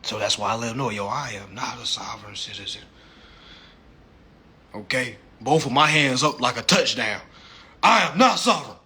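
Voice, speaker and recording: A man hosting a casual livestream chat, animated and profane, laughing often and peppering his talk with slang. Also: mid-range voice, moderate pace, long pauses, breathy edge. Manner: slangy, repeats "you know what I'm saying". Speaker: livestream host.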